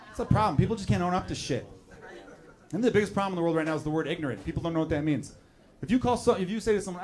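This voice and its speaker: A man from Chicago with a high voice, riffing loudly with a club audience during live stand-up. He swears often and his delivery is animated. Audience laughter rolls through the room behind him. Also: rapid-fire. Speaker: stand-up comedian. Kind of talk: stand-up crowd work. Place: comedy club stage. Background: crowd laughing.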